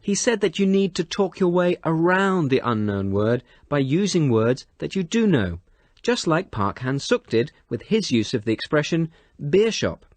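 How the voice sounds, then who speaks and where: A man's voice: on the high side, big pitch swings, moderate pace, no room sound. A man hosting an educational podcast, summing up the guest's points and asking follow-up questions. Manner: summarising and prompting questions. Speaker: host.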